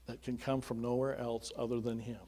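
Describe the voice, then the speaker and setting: Middle-aged man, pastor giving a sermon as testimony; conversational, earnest, dark mellow tone. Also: medium pitch, little pitch movement, brisk. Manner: earnest and conversational, with chuckling asides.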